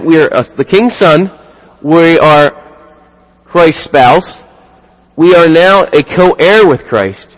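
A man preaching a sermon in an earnest way, driving points home with repeated rhetorical questions. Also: fairly high pitch. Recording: long hall reverb.

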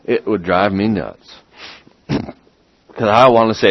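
A man preaching a sermon as a pastor, getting excited and repeating words as he builds up. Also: fairly low pitch, slow, no echo, highs cut off.

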